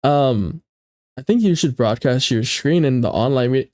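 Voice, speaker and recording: A man's voice: fairly high pitch, very animated, moderate pace, darkish tone, no echo, clean studio sound. A young man streaming casually, chatting playfully with his viewers and often repeating himself, with a stuffy nose. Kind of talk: casual livestream chat with viewers.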